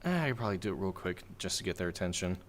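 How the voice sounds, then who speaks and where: A man's voice: low voice, sing-song, racing. Joking man streaming a tabletop game. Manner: joking and teasing, swears freely. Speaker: streamer and player. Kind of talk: casual chat before a tabletop game.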